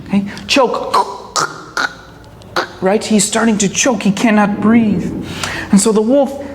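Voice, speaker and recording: A woman teaching English to young learners, telling a story slowly and explaining each word as she goes. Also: mid-range voice, steady tone. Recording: echoey hall with faint ambient noise.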